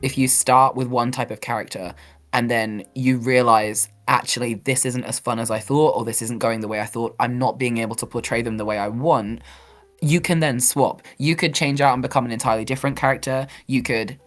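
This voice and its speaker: A woman's voice: very deep voice, steady tone, brisk. A woman guest on a podcast, talking in a chatty, self-deprecating way and acting out quotes. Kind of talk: casual chat.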